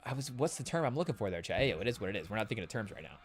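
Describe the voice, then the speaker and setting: A man's voice: on the low side, sing-song, rapid-fire. A man hosting a podcast, talking casually and rambling to his chat, searching for words as he goes. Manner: rambling, with fillers and restarts, addressing the chat. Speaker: podcast host.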